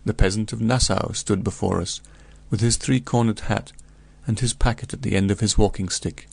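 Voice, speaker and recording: Steady and deliberate, a male audiobook narrator delivers a classic first-person storybook tale in a measured, grave manner. His voice is very low, with a creaky, gravelly texture from start to finish.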